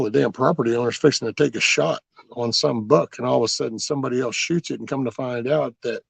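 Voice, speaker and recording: Man, gravelly, dry close sound, casual livestream chat, folksy rambling stories. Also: mid-range voice, darkish tone, dry recording. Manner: rambling, folksy storytelling with mild cursing. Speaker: livestream host. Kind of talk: casual livestream chat, answering viewer comments.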